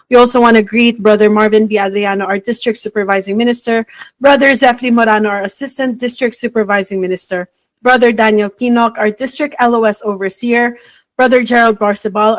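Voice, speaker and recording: A woman's voice: medium pitch, no room sound. A woman, co-hosting a radio show, reading out thanks and greetings in an orderly way. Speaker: radio co-host. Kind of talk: live radio sign-off and greetings.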